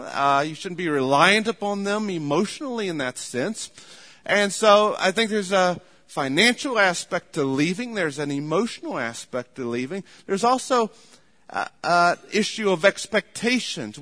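A man preaching a sermon on marriage in a conversational, storytelling way. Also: sits high. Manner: conversational, animated storytelling with acted quotes. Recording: large hall with long reverb.

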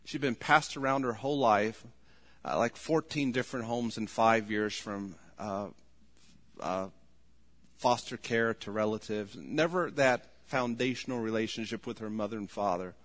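A man's voice: fairly low pitch, moderate pace. Earnest preaching man in a reverberant hall. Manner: earnest, rises to loud pleading when quoting. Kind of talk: sermon.

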